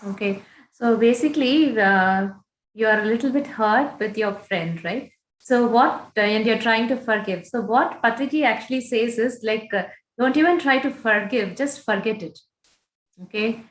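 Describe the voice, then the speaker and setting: A woman's voice: fairly high pitch, moderate pace. Woman, meditation class guide, reassuring, explaining, roomy echo, video call. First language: Tamil. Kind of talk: answering a participant's question.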